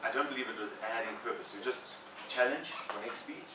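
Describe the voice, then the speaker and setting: A man giving a chatty, candid evaluation of a speech at a club meeting, with quick jokes. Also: mid-range voice. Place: meeting room. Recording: distant mic in an echoey room with room noise.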